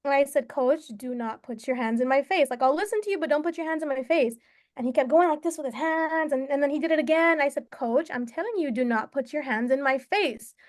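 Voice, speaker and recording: A young woman with a high voice, guesting on a chat show as an umpire. She talks in a plain, earnest way, calm and direct. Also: a little fast. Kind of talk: casual interview talk.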